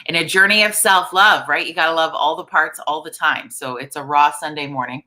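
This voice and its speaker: A woman in her forties hosting a live online coffee chat, chatty and upbeat, greeting viewers and chatting with a croaky morning voice. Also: deep voice, fairly quick, sharp tone. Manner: chatty, upbeat, reads viewer comments aloud. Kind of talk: casual live-stream chat.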